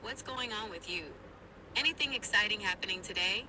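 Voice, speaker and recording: A synthetic female AI assistant chats in an upbeat, friendly, polite manner, her mid-range voice moving fairly quickly. She is heard through a phone speaker with background noise.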